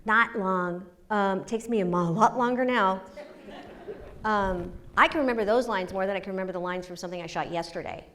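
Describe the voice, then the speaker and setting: A woman, telling lively stories as a guest in an onstage conversation. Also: medium pitch, a little fast. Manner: animated, laughing storyteller. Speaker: guest author. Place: university auditorium.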